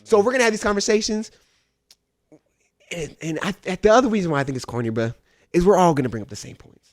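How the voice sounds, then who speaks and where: A man co-hosts a casual podcast chat, talking fast and rambling. His voice swings up and down as he goes and often mimics other people. The sound is close and dry. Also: sits high, lively intonation, no echo. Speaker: podcast co-host.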